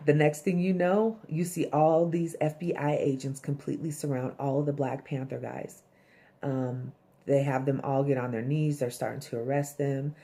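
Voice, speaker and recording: A woman's voice: low-pitched, mellow. A woman casually recapping a TV episode, blunt and chatty, swearing and acting out the characters' lines. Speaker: TV episode reviewer.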